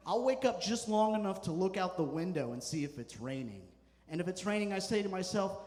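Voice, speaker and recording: A man doing a stand-up comedy set on a club stage, telling stories with deadpan punchlines. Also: high voice, brisk, long reverb tail. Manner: deadpan storytelling with punchy asides.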